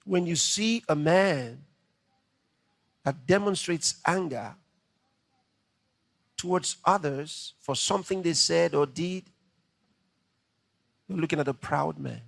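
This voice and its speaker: A man preaching a dramatic, animated sermon. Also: a little high, slow, gravelly, pauses often, no echo.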